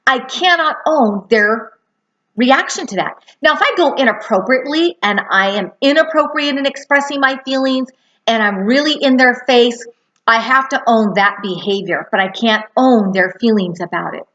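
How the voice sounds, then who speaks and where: A woman's voice: on the high side, normal speed, fairly bright tone, lo-fi sound. A woman in her thirties or forties teaching a lesson on boundaries, earnestly acting out quoted dialogue. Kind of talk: spoken lesson.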